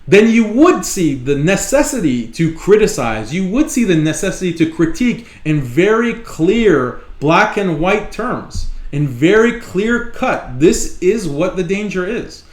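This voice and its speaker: Male live-show host, fairly high voice, emphatic and repetitive, echoey room. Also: very animated, measured pace, hardly any pauses. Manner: emphatic, repeats points for stress. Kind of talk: live solo commentary.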